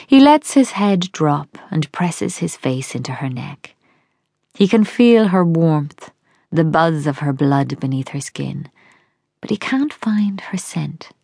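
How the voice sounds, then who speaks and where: A woman narrates an audiobook in a low, gravelly voice, soft and intimate, often sinking to a whisper. Her pace is slow and unhurried, and the recording is dry and close. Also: no room sound.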